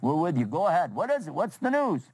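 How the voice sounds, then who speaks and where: A man voicing an eager, excitable crowd of townsmen, calling out in a high, breathless voice. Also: quick pace, husky, no echo, full character voice.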